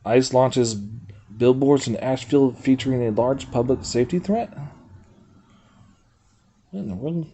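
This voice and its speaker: A man livestreams and chats casually with viewers in a mid-range voice, unhurried and pausing often, with slight background noise. He rambles, reads a website aloud, and bursts into animated, freely sworn outbursts.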